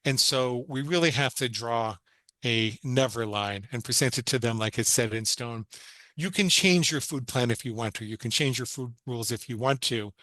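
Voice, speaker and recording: A man's voice: mid-range voice, moderate pace, pushed and bright, dry recording, poor audio. A man, a psychologist guest on a podcast interview, explaining techniques step by step in an earnest, instructive way.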